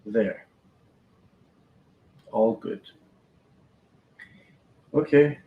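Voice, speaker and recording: A man's voice: medium pitch, very slow. A man hosting a live stream, inviting viewers to join and talk. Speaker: host. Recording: echoey, muffled stream audio.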